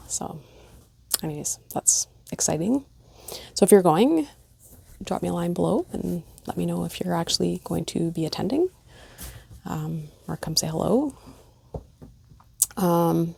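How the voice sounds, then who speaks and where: A woman's voice: fairly low pitch, lively intonation, a little slow, creaky, long pauses, warm tone, husky. A middle-aged woman chatting casually and gushing as she shows off stitching gifts in a vlog at home. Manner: chatty, gushing, many fillers. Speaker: cross-stitch vlogger. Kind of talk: casual show-and-tell chat. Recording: noticeable background noise.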